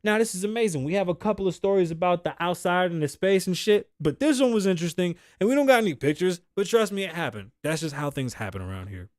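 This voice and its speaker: Man, podcast host, fairly high voice, dry sound, loose profane chat. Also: fast, hardly any pauses, no echo. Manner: animated, swearing, joking, acts out quotes. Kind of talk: casual profane commentary.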